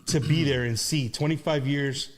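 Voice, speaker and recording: A man from Texas hosting a podcast interview, excitable and slangy, mixing in Spanish phrases. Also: medium pitch, normal speed. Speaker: podcast host. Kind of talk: casual interview.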